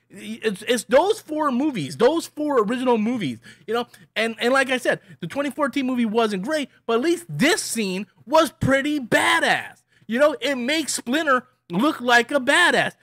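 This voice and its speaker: Brief: higher-pitched male vlogger, dry close sound, rambling and opinionated, stumbles and restarts often. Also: fairly bright tone, dry recording. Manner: rambling, many restarts and repeats; annoyed, opinionated. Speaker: movie reviewer. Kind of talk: casual ranting review.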